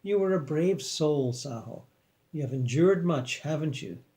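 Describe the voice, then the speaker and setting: A man voicing a wise, effusive old male spirit teacher with a Chinese accent, speaking slowly and majestically. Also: on the high side, animated, dark tone. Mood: majestic. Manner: slow, majestic, enthusiastic.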